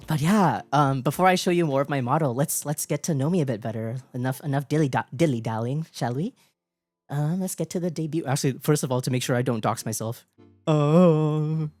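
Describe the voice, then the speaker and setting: A woman streamer chatting casually on a live stream into a desk mic, giggly, excitable and playful. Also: low-pitched, no echo. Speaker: VTuber streamer.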